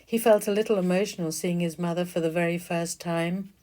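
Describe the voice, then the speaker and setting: A woman, the author, narrating a children's storybook in a gentle, expressive way. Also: on the low side, brisk.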